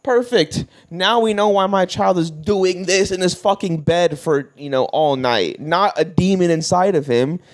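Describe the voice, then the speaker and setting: A young man co-hosting a podcast in casual chat, animated and profane, acting out bits of quoted voices. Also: sits high, measured pace, hardly any pauses. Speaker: podcast co-host.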